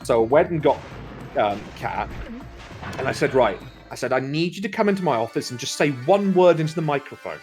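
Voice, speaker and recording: A man's voice: medium pitch, brisk, soft background music. A Welsh man in casual chat, telling long rambling stories with plenty of swearing and laughter. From Wales. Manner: rambling storyteller, swears freely, lively laughter. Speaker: co-commentator.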